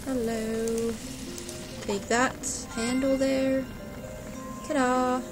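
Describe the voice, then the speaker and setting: A woman's voice: mid-range voice, steady tone, moderate pace. A woman hosting a gaming video, chatting playfully and exclaiming at objects she finds, over game music. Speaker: let's play host. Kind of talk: gaming commentary.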